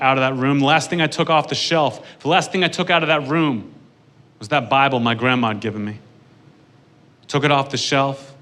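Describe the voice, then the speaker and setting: A male stand-up comedian telling a story in a slow, deadpan build-up. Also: mid-range voice.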